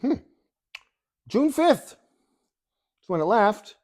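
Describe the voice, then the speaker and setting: A man co-hosting a podcast, telling a story in a casual, animated way, laughing often and swearing freely. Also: sits high, extremely slow. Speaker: podcast co-host.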